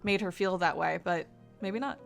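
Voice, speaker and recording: A woman's voice: on the low side, moderate pace, creaky, faint music behind. A woman co-hosting a gaming stream, reading story narration aloud and chatting with easy laughs. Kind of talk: reading game narration aloud and casual chat.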